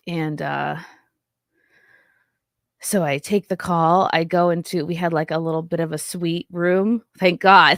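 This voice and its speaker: A woman comedian telling fans a personal story, halting and emotional, choked up and near tears, swearing and restarting as she goes. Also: fairly low pitch, no room sound, clean studio sound.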